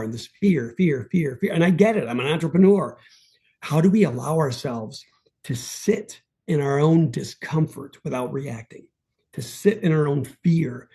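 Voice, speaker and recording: A man who is a guest coach in an interview, speaking in a calm, measured, emphatic way and repeating words for weight. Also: a little high, slightly rough. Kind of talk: interview conversation.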